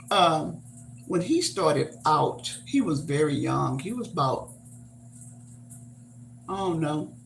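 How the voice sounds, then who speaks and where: A woman's voice: medium pitch, gravelly, a little hiss or hum. Older woman rambling in an echoey room. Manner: halting, with many fillers and repeated words; reminiscing, homespun. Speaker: live-stream host. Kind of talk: casual live-stream chat. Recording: roomy echo.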